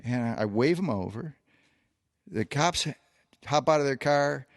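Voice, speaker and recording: A man co-hosting a podcast shares a long story about himself in a relaxed way, with many fillers and restarts. His mid-range voice is animated but a little slow, in a dry, studio-quality recording.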